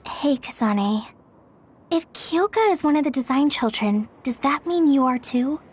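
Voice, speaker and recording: An actress playing a gentle, kind-hearted young woman with a breathy voice who speaks hesitantly in a game cutscene. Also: high voice, expressive, a little slow, soft background music. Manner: hesitant, apologetic.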